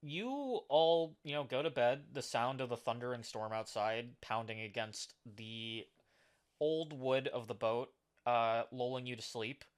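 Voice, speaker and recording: A man's voice: medium pitch, a little slow, clean tone. A man narrating as game master of a tabletop game, describing scenes with frequent "uh" and "like.".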